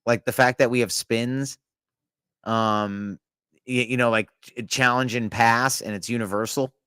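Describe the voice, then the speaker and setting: This podcast co-host speaks unhurriedly in a medium-pitched voice, clear, resonant and fairly bright with fairly even intonation, spinning rambling, laugh-filled anecdotes peppered with swearing. It's studio quality with no room sound.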